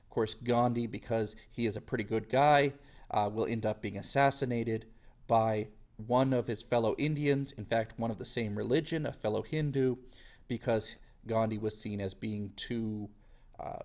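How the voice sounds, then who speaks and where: A man teaching a history lesson in a casual, lively way, sometimes slipping into quick silly voices. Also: mid-range voice. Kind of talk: classroom lecture.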